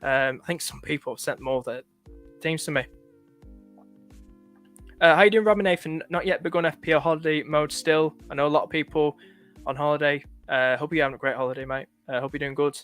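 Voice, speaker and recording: Soft background music plays as a man from the north of England hosts a live stream, talking casually and frequently stopping to thank his viewers. He has a light northern accent and a steady, fairly bright voice on the high side, speaking fairly quickly.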